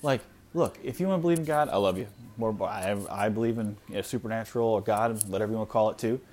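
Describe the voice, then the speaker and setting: A man in his thirties hosts a solo podcast from home, his small kids nearby, ranting bluntly and with exasperation and saying "like" a lot. His voice is lowish and a little mellow, moving at a quick pace.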